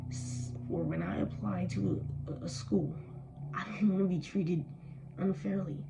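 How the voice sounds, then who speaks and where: Angry, weary woman with a gravelly voice. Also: fairly low pitch, animated, moderate pace, highs cut off, over loud music. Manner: angry, weary, emphatic, with strong language. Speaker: vlogger. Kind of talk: impassioned personal vlog.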